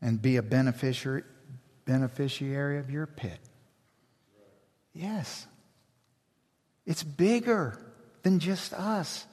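A man preaching a sermon as pastor, slow and emphatic, building intensity. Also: mid-range voice, a little mellow. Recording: long hall reverb.

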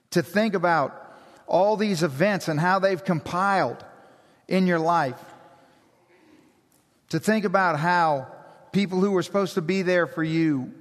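A man preaching a sermon as pastor, slow and emphatic, building intensity. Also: sits high. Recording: long hall reverb.

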